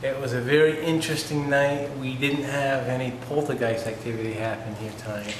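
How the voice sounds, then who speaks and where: A man's voice: mid-range voice, steady tone, brisk, roomy sound. Male ghost-hunt host, mid voice, matter-of-fact, hissy recording. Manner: plain, matter-of-fact, with some "uh" fillers. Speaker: lead investigator and show host. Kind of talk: ghost-hunt narration and wrap-up. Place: old theater.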